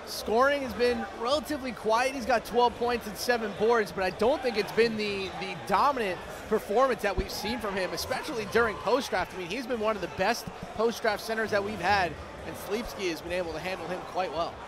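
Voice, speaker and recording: Male play-by-play caller, high voice, upbeat and stat-heavy, game noise clearly behind. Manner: upbeat, quick stat call-outs. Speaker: play-by-play commentator. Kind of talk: esports play-by-play commentary.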